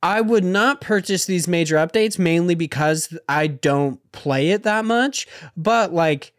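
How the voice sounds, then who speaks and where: A man on a casual podcast, talking in a rambling way and packing his sentences with filler words. His voice sits a bit higher than most men's and sounds close and dry, with no room around it. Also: measured pace, dry recording. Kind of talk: casual gaming podcast chat.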